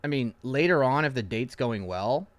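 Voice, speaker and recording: Young male streamer, mid pitch, dry close sound, profane and jumpy delivery with stuttered restarts. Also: expressive, normal speed, no echo. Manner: loud swings, swearing, stammering restarts. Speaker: streamer reacting to posts. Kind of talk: casual profane reaction chat.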